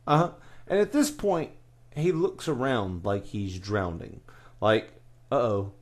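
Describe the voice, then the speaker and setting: A man hosting a casual podcast, telling a story in quick, animated bursts full of fillers and restarts. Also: on the low side. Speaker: podcast host.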